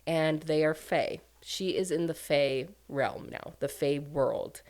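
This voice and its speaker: A woman's voice: low-pitched, fairly even intonation, slow pace, darkish tone. A woman casually recapping a book plot as a reviewer, chatty and full of "like" and "um" fillers. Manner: chatty, filler-heavy, lots of "like" and "um".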